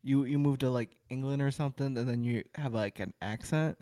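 A man's voice: medium pitch, fairly quick, warm tone, no room sound, studio quality. A man in his thirties co-hosting a casual podcast, laid-back and swearing freely. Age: 30s. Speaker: podcast co-host. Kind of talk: casual live-stream podcast chat.

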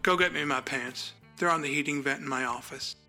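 A man's voice: on the high side, brisk, sharp tone, soft background music. A man voicing a bossy, self-important male agent boss who talks down to his assistant in a pompous, condescending way. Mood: domineering.

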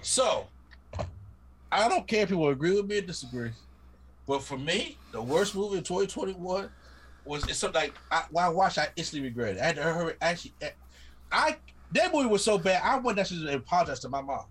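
High-voiced animated man. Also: quick pace, breathy edge. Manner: animated storytelling, acts out his own reactions. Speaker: podcast co-host. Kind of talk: casual chat.

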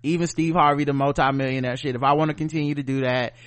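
Animated, profane man talking casually. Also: fairly high pitch, fast. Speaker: podcast co-host. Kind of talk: casual chat.

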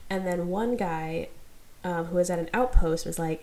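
A woman with a mellow, warm-toned voice, pitched a little low, chats on a podcast. She is giggly and playful and slips into little voices when retelling a story. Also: normal speed. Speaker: podcast co-host. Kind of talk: casual chat.

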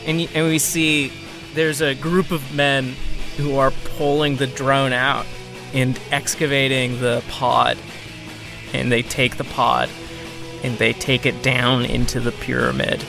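A man's voice: mid-range voice, creaky, poor audio. A man running a tabletop game as game master, narrating scenes in a jokey, playful way. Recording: faint music behind.

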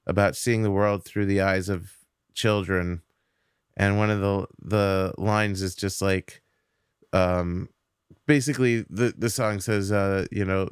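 A man with a low-set, smooth and resonant voice talks through his thoughts as a podcast guest. He wanders a bit, piling up fillers and restarts, in a dry, close-miked sound with no room around him. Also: no echo. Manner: reflective, rambling with fillers. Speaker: podcast guest, stand-up comic. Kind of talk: casual podcast discussion.

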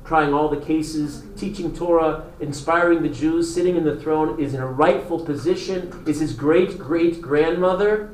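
A man lecturing to a class in a slightly high voice, telling stories with eager enthusiasm and answering students' interruptions. The classroom is roomy and echoes around him. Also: normal speed, hardly any pauses, darkish tone, a little hiss or hum. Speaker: teacher.

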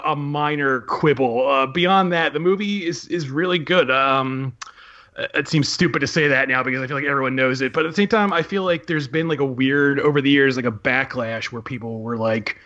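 A man's voice: mid-range voice, moderate pace, bright, forceful tone, lo-fi sound. A man talking casually and hesitantly as a podcast co-host, with frequent ums and restarts. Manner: chatty, hesitant with many ums. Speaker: podcast co-host, film writer. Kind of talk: casual chat.

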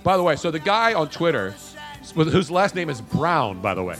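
A man's voice: a little high, very animated, normal speed, a bit bright. A man from Philadelphia with a thick New York accent, co-hosting a radio show and ranting with mock indignation in casual banter. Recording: music playing under the talk.

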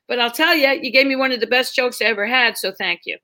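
A woman's voice: sits high, fast talker, few pauses, poor audio. A middle-aged woman, a stand-up comedian, telling a story casually and acting out the people in it. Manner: animated, acts out quotes in the story.

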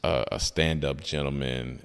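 Very deep and creaky yet clear and resonant, this man's voice moves at a measured pace. As a comedian guest in casual conversation, he animatedly recounts a personal story, performing the voices of the people he quotes.

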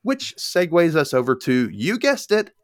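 His voice is fairly high and unhurried as he co-hosts a podcast, recapping a TV episode scene by scene in a casual way. He tells it with animation and briefly voices characters' lines. The sound is dry and studio clean.

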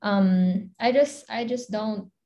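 A woman's voice: medium pitch, takes it slowly, warm tone. A young woman with a Filipino accent, a content creator chatting casually as an interview guest, rambling with lots of fillers and giggles.

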